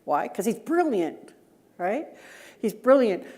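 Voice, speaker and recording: A middle-aged woman speaks slowly in a husky, slightly mellow, sing-song mid-range voice. She directs data governance and is giving a conference breakout talk, telling stories and putting rhetorical questions to the audience.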